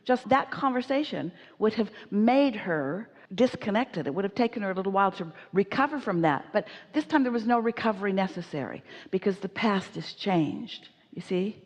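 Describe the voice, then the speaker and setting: A woman speaks on stage at an inspirational seminar, emphatic and animated, referring to herself as "we". Her mid-pitched voice rings with the long reverb of a large hall. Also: normal speed, few pauses. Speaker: speaker answering audience questions.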